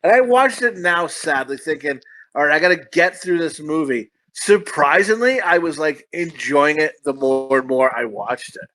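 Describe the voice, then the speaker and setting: Profane rambling man with a high voice. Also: moderate pace, pushed and bright, rough recording. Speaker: podcast co-host. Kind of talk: casual movie review chat.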